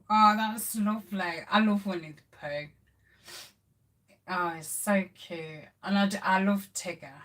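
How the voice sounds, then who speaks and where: A woman's voice: fairly low pitch, pushed and bright. A middle-aged woman hosting a casual craft live stream, chatting with viewers and reading their comments with plenty of ums. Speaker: craft channel host.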